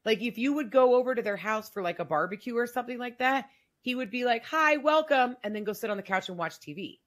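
A woman's voice: a little high, quick pace. A woman guest on a podcast, telling her personal story in a candid, emphatic, casual way, with frequent "like" fillers.

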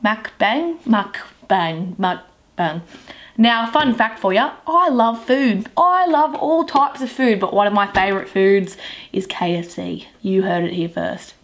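A woman's voice: medium pitch, unhurried, a little hiss or hum. A young Australian woman chatting playfully with crude jokes and giggles, talking to camera while she eats. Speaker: vlogger. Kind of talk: casual eating-show vlog. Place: parked car.

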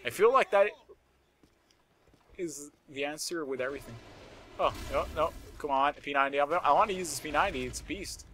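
Bright, excitable young-sounding gaming guy. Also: fairly high pitch, fairly quick, long pauses. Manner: excitable, shouts and laughs at in-game moments; rambling and chatty with frequent swearing. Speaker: gameplay commentator. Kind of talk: live game commentary. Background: game gunfire and explosions.

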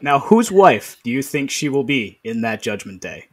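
A man's voice: medium pitch, big pitch swings, normal speed. A man co-hosting a podcast, reading a comic text aloud playfully and acting out the quoted lines. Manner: playful, laughs often, acts out lines. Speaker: podcast co-host.

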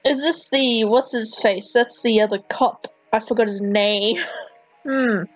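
A chatty, excitable woman reacts to a comic she is reading aloud, laughing as she goes. Her voice is fairly high, and light music plays behind her. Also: unhurried, no room sound. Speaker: comic reader, channel host. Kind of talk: casual commentary while reading a comic.

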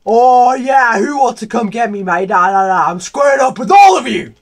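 A man's voice: very high voice, lively intonation, normal speed, vocal fry, pitched above the performer's own voice, full character voice. Man putting on a brawling British lad. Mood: belligerent. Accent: put-on British. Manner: shouting, crude, challenging everyone. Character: brash swearing young British man picking fights.

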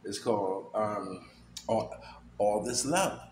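A man's voice: lowish voice, takes it slowly, darkish tone. A middle-aged man vlogging casually, rambling with many fillers and repeated words. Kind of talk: casual personal vlog. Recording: echoey room with faint noise.

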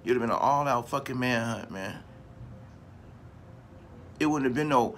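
A man's voice: mid-range voice, normal speed, pauses often, slight background noise. A man vlogging in a casual, profane rant, repeating himself for emphasis and talking straight to his viewers. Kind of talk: casual ranting commentary to camera.

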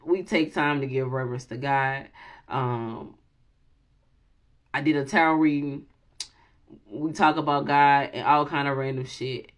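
A woman in her late thirties hosts a tarot video in casual, freewheeling talk, swearing, joking and laughing often as she mixes prayer with banter. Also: sits low. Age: late 30s. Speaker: tarot reader and channel host.

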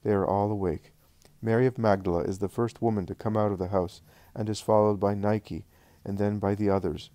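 A man reading a devotional book aloud as narrator, calm and measured. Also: lowish voice, no room sound. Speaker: audiobook narrator.

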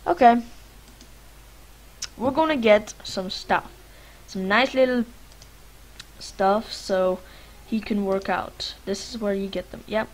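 A woman's voice: medium pitch, takes it slowly, long pauses, rough recording. A young woman from Lithuania chatting casually as she plays a life-sim game, rambling and talking to her characters with lots of fillers. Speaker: gaming vlogger. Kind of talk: casual let's-play commentary.

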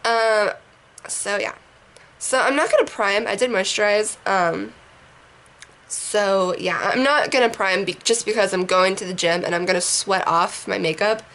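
A young woman, hoarse from a sinus infection, chatting casually through a makeup tutorial in her bedroom, rambling and swearing now and then. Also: medium pitch, unhurried, a bit bright. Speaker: beauty vlogger. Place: bedroom at home.

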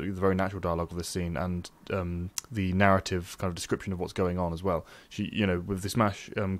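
A man with a very low voice talks quickly in a casual book chat, circling back on himself with restarts and fillers. His voice sounds dry and close, with no room around it. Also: dry recording. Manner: rambling, many restarts and fillers. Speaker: podcast co-host.

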